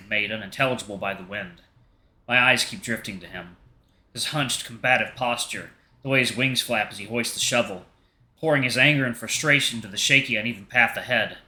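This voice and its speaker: A man hosting a gaming channel, reading a visual novel aloud in steady, expressive narration. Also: fairly low pitch. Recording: roomy echo.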